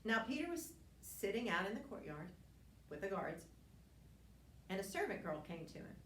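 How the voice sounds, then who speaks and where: A woman's voice: mid-range voice, very animated, moderate pace, slight background noise. A woman teaching a Bible lesson, retelling scripture in an earnest storytelling way with frequent restarts and asides. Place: church classroom. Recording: roomy, distant mic with faint ambience.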